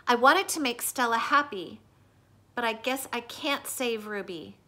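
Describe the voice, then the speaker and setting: A gentle, weary silverback gorilla speaks slowly and quietly , as a woman reads his words aloud. His downcast lines come in a bright, clear tone, from the pages of a storybook. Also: a little high.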